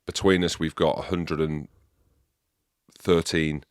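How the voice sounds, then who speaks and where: A man's voice: extremely low pitch, flat delivery, slow pace, no room sound, studio quality. A man hosting a podcast in casual chat, leading with emphatic questions. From England. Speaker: podcast host.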